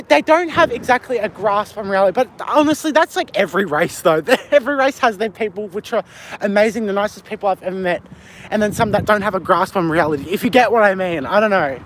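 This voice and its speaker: A livestreamer, a man with a fairly high-pitched voice and an Australian accent, walks outside at night chatting casually with his live chat on a handheld phone. He rambles, answers questions out loud and swears freely, with faint street noise and passing traffic underneath.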